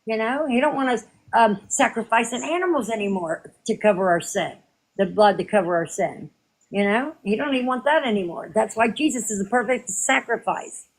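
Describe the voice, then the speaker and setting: Female caller; halting and unsure, turns emphatic and sermon-like. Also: on the high side, low-quality recording. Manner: hesitant with many ums, then preachy and emphatic. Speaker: caller in a debate. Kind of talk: casual live debate.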